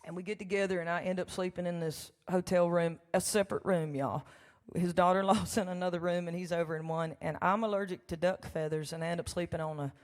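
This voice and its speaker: A woman, a country songwriter telling folksy, animated stories during a live church concert. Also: on the low side, fast talker, few pauses. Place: church sanctuary. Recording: long hall reverb with faint music.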